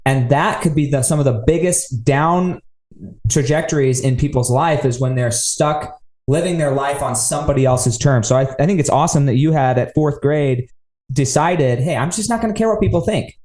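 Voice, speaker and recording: A man's voice: mid-range voice, moderate pace, a little mellow. A man hosting a podcast in casual interview chat, reflecting on his guest's story and drawing lessons from it. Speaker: podcast host. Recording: roomy echo.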